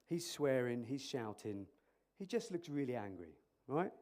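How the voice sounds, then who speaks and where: A man's voice: mid-range voice, measured pace. A man speaking as an emergency clinician at a conference, joking and quizzing the audience through a microphone. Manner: animated, jokey, quizzing the audience. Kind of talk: interactive conference talk. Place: conference hall.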